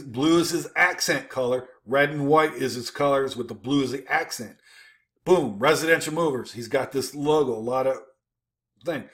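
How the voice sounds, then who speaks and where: A man giving a casual, informal commentary while critiquing websites on his screen, talking with many fillers and restarts and punching points with an emphatic "boom.". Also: a bit bright.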